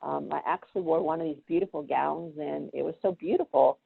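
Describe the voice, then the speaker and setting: A woman's voice: low voice, fairly quick, creaky, breathy edge. A woman guest telling stories in casual chat, acting out the voices of people in them. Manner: animated storyteller who acts out quoted voices. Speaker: guest speaker. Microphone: video call. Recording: tinny phone-like call audio.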